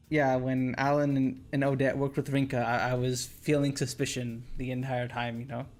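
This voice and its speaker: A man's voice: medium pitch, a little mellow. A man hosting a stream, chatting casually in a giggly, playful way. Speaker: streamer host. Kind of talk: casual chat.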